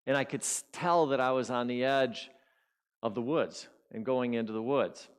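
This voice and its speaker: A man's voice: medium pitch, normal speed, clear, resonant tone. A man giving a sermon as a guest speaker, telling a personal story and acting out his inner voices. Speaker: guest speaker at a spiritual community.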